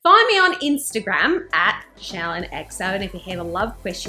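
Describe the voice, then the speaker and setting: A woman in her thirties talking to camera about relationships, candid and blunt, with profanity and animated emphasis. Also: medium pitch, normal speed, faint music behind. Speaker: relationship advice vlogger. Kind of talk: casual talk to camera.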